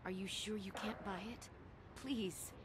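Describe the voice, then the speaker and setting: A woman voicing a grieving widow of a desert hunter, soft, pleading and desperate. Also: mid-range voice, a little slow, slight background noise, lightly acted.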